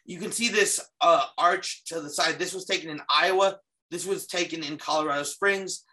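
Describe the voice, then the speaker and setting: Bright-voiced man presenting ghost footage. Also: on the high side, normal speed. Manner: earnest, restarts often, walks through footage. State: slightly losing his voice. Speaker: paranormal investigator guest. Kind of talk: casual podcast presentation.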